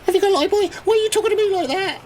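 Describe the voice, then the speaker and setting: A man voicing a big aggressive thug who swears and threatens in a shouting voice. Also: extremely high pitch, very fast, slight background noise, pitched above the performer's own voice. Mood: belligerent. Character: big aggressive male thug, hot-tempered.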